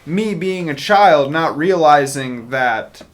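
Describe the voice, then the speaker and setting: Animated young man telling a story. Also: fairly high pitch, slow. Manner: animated, acts out his own reactions. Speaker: podcast co-host. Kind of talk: casual storytelling.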